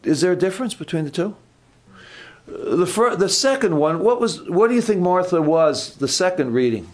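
A male preacher with a fairly high voice gives an informal sermon to a gathered congregation. He talks in a loose, chatty way, repeating words and correcting himself. He keeps turning to the room with questions. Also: big pitch swings, moderate pace.

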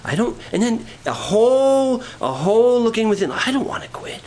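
A man preaching a sermon, shifting from quiet storytelling to rising, fervent preaching. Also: very high-pitched, very animated, normal speed, rough recording. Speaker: pastor.

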